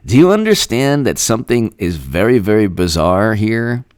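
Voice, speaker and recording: Brief: male stream host, low-ish voice, rambling and chuckling, thanks chatters by name. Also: very animated, normal speed, clear, resonant tone, dry recording, clean studio sound. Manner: rambling, laughs often, thanks viewers by name. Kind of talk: live-stream political commentary.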